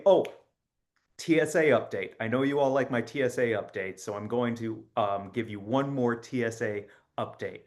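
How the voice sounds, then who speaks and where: A man playing a chipper, rambling spokesman for a spy agency in a satirical comedy monologue, offhand and deadpan with many fillers. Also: mid-range voice, natural voice.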